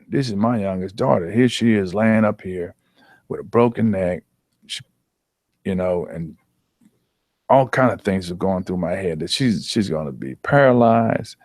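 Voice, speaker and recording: Earnest man with a low, dry voice. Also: a little mellow, dry recording. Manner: earnest, halting with repeated restarts. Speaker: athletic trainer, guest. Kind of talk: emotional personal storytelling.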